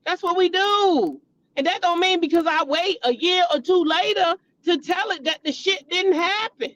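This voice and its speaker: High voiced woman ranting about reality tv, blunt and cussing a lot, aave. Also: moderate pace, fairly bright tone, no echo, dull audio. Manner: blunt, profane, heated ranting. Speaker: reality TV commentary host. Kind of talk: casual commentary vlog.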